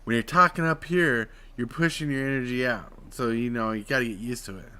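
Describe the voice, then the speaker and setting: Utah man, stream host, casual chat; talks voice technique, drawl to excited emphasis, middle pitch. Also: a little fast, clear, resonant tone. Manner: explains voice technique, swings between flat drawl and excited emphasis.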